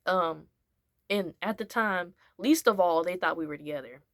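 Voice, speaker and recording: A young woman with a fairly low voice tells a story in a relaxed, rambling way, full of fillers. She acts out what other people said. The sound is dry and close. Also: moderate pace, no room sound. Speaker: vlogger. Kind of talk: casual storytelling.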